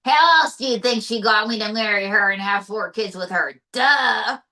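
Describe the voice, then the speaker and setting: Woman performing a crude, boastful male president impression; smug, drawn-out delivery. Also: medium pitch, bright, forceful tone, far from the mic, lightly acted.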